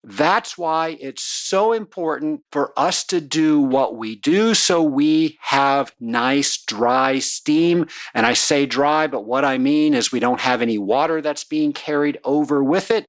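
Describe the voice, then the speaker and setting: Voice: medium pitch, slow, few pauses. A podcast host giving a folksy, self-deprecating solo talk in an emphatic, teaching way.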